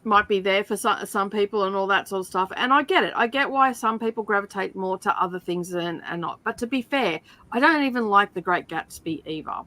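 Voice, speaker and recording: A middle-aged Australian woman hosting a reading stream, telling animated stories in casual chat and often breaking into laughter. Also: mid-range voice, fairly quick, hardly any pauses.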